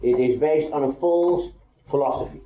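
A man preaching a Bible teaching sermon, earnest and measured, with frequent hesitations. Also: medium pitch, slight background noise. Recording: echoey, tinny phone-like old tape.

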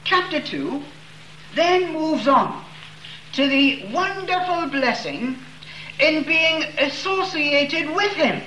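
A male preacher delivers a slow, deliberate sermon, his pitch swinging high and low as he stresses each important word. The voice rings in a roomy church hall with a faint hum of room noise behind it. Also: expressive, sharp tone. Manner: slow, emphatic reading of scripture with stressed words.

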